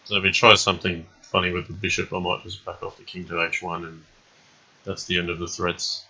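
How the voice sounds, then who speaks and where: A chess streamer calmly thinks aloud through his moves in live commentary, his low, husky voice carrying a forceful edge. He's steady and measured, with frequent ums and uhs, and the stream audio sounds dull and lo-fi.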